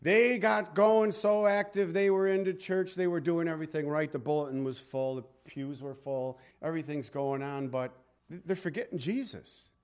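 A man's voice: a little high, normal speed. Man preaching a conversational sermon. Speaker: pastor.

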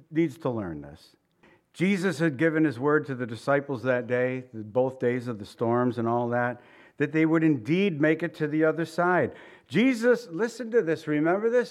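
A man's voice: on the high side, darkish tone. A middle-aged man preaching a sermon in a conversational way, asking the listeners rhetorical questions. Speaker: pastor.

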